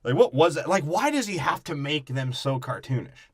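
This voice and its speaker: A man co-hosting a podcast, mocking a movie in crude casual chat and acting out characters in quick voices. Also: fairly high pitch, sing-song, husky, no room sound. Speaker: podcast co-host. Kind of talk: casual comedic movie breakdown.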